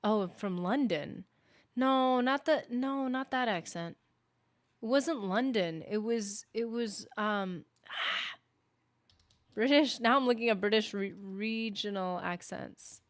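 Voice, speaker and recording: A woman's voice: on the high side, slow pace. A woman gaming streamer chatting casually and rambling while she plays, often correcting herself. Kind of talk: casual live-stream chat.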